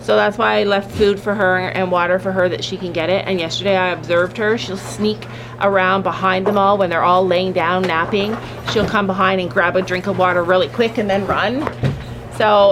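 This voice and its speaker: Talking casually to camera while looking after her goats, a woman coaxes the animals and chats with her viewers. She speaks at a normal speed in a mid-range voice with a steady tone. Goats bleat amid the outdoor farm sounds.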